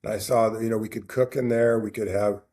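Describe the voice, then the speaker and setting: A man's voice: lowish voice, fairly even intonation, fast, mellow. A man on a podcast telling a long personal story in a casual, rambling way, often restarting his sentences. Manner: rambling anecdote with many restarts and quoted dialogue. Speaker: podcast co-host.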